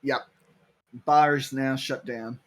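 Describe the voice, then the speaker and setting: A man's voice: mid-range voice, fairly even intonation, slow. A man guest on a movie watch-along, giving rambling, joking commentary in casual chat.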